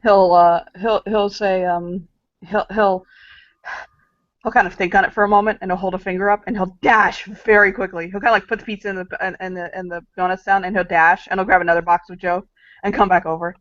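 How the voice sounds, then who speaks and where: A man playing a tabletop game, describing his character's actions in a halting, jokey way. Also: high-pitched, level tone, a bit bright, no room sound, dull audio. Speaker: player.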